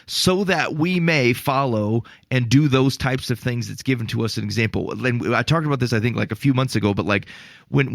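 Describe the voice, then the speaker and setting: A man co-hosting a casual faith podcast, telling stories in an animated, exasperated way with lots of restarts. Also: mid-range voice, vocal fry, no room sound. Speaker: podcast co-host.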